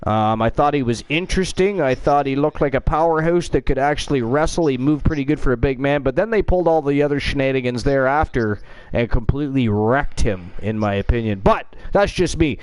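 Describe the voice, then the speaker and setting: A man's voice: medium pitch, expressive, brisk, clean tone, no room sound, poor audio. A man hosting a live stream, rambling casually and bursting into hyped announcer calls. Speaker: host.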